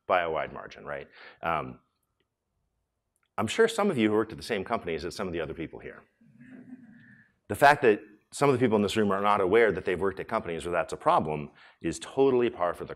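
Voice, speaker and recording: Guy with a deep voice giving a talk at a conference, chatty, restarts a lot, keeps polling the crowd. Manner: conversational, many fillers and restarts, polls the audience. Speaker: conference speaker and room host. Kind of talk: conference talk to a live audience. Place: conference hall.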